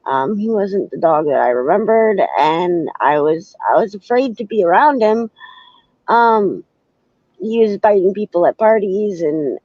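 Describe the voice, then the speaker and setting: A woman in her thirties, a guest in an interview, recounting her past in a halting, searching way. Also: mid-range voice, animated, darkish tone, no echo. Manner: hesitant, halting, searching for words. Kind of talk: personal storytelling in an interview. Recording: slightly dull, dry sound.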